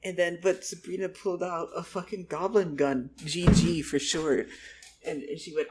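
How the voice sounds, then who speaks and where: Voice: medium pitch, level tone, normal speed, noisy background. A vlogger telling a rambling improvised story at home, giggling, swearing and restarting sentences.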